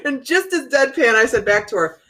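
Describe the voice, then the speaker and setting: Speaking in a high-pitched voice, this Ohio woman is a psychic host who casually tells her viewers a story. She's animated throughout and laughs a lot.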